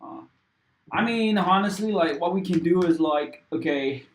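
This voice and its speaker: Young man, livestream coder, rambling, swears a lot, slightly high voice, echoey room. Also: a little slow. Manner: casual, rambling, swears often, talks to chat. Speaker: livestreaming programmer. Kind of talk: thinking aloud while coding on a livestream. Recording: roomy echo.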